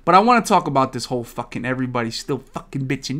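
Racing along with few pauses, this mid-range-voiced man hosts a gaming podcast. His casual talk is foul-mouthed and animated, wandering from story to story.

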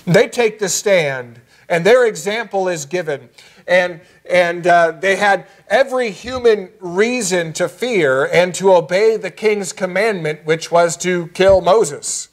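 A man preaching as pastor in a church, earnest and measured, slowing down on key phrases. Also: high-pitched. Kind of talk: sermon. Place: church sanctuary.

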